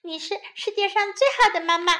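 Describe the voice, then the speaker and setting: A woman's voice: very high voice, fairly even intonation, brisk, a bit bright, voice pushed up. A woman voicing a sweet, playful little boy bunny in a children's storybook reading, with an eager, childlike manner. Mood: loving.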